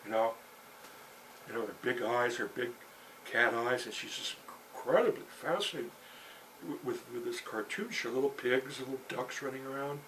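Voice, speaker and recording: An older man telling a long story out loud, halting, with many fillers and restarts. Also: mid-range voice, slight background noise, low-quality recording. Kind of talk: rambling spoken storytelling.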